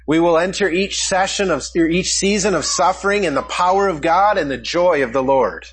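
A man's voice: high-pitched, moderate pace, a bit bright, breathy edge, poor audio. A man preaching a sermon, asking his congregation questions as he teaches from a passage. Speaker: pastor.

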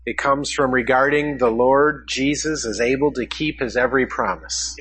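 A man's voice: medium pitch, moderate pace, fairly bright tone, breathy edge, low-quality recording. A man preaching a sermon, asking his congregation questions as he teaches from a passage. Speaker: pastor.

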